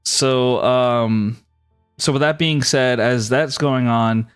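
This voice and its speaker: A man's voice: mid-range voice, fairly even intonation, slow pace, clear, resonant tone, soft background music. A young man narrating as game master in loose casual speech full of fillers.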